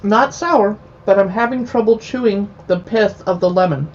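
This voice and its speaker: A woman hosting a casual live video chat, tasting snacks, chatty and quick to laugh. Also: medium pitch. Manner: chatty, laughs easily, talks with her mouth full. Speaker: host. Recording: dull lo-fi sound with faint noise.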